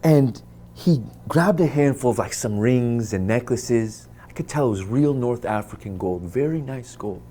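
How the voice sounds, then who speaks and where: A man from the United States telling a personal story to camera, acting out what people said and dropping into a hushed voice for tense moments, with Arabic phrases mixed in. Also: medium pitch, animated, unhurried, slight background noise. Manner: dramatic retelling, acts out quoted lines and drops to hushed tones.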